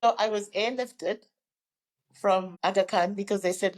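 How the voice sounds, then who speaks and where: A woman's voice: medium pitch, fairly even intonation, a little slow, low-quality recording. A woman in her fifties from Zimbabwe, a guest recounting her life story in an interview and acting out the people she quotes. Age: 50s.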